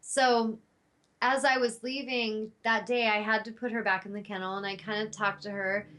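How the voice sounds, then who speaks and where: A woman's voice: mid-range voice, little pitch movement, moderate pace, pushed and bright, slight background noise. Host, woman: heartfelt spiritual storyteller, mid-range voice, loose and rambling. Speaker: talk show host. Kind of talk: personal storytelling monologue.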